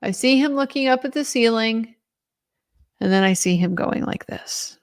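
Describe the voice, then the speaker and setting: A woman's voice: a little high, moderate pace, clean tone. A woman as a legal commentator, giving a casual trial recap in a conversational way with lots of filler words.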